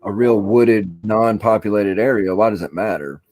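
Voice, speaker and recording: A man's voice: on the low side, moderate pace, darkish tone, no echo, poor audio. A stoned man from Alabama, rambling and swearing through a casual podcast chat. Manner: rambling, profane, laid-back storytelling. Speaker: podcast co-host.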